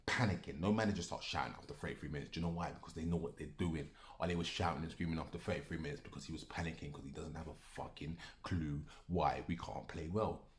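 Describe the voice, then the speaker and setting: Deep, echoing voice in a small room: a man giving an angry, repetitive football rant, swearing freely as the words pile up in his throat. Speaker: football fan commentator. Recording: echoey room.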